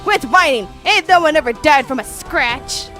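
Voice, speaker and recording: A woman voicing a vulgar, fiercely protective old grandmother who scolds bluntly and loudly. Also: high voice, animated, normal speed, soft background music. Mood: scolding.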